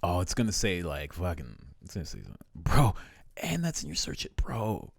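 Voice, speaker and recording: Deep-voiced laughing young man. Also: brisk, gravelly, slightly rough, no echo, clean studio sound. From Canada. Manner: laughs often, swears, animated joking. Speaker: podcast co-host. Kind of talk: casual podcast banter.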